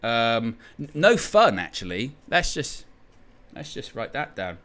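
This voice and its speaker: A man hosts a live football stream and talks casually to his chat. His voice is bright and forceful, and he rambles in a jokey, sarcastic way. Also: medium pitch, big pitch swings, a little slow. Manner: chatty, rambling, jokey and sarcastic, often laughing.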